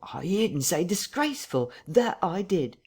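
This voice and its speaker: An audiobook narrator voicing a slow-witted country innkeeper who talks in broad rustic dialect. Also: medium pitch, very animated, a little mellow, breathy edge, pitched above the performer's own voice. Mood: puzzled.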